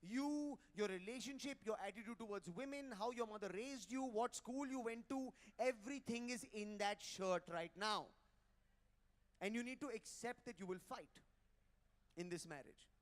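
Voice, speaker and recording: A man's voice: high voice, normal speed. A man doing live stand-up, brash and teasing as he works the crowd on a handheld mic at a hotel ballroom event. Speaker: stand-up comedian.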